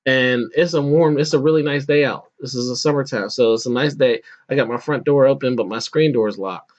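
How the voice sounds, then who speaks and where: With a mid-range voice and a slightly fast pace, a thirtysomething man hosting a podcast spins a lengthy personal tale in a relaxed way. He laughs a lot, starts sentences over and performs other people's voices, all in muffled, lo-fi sound.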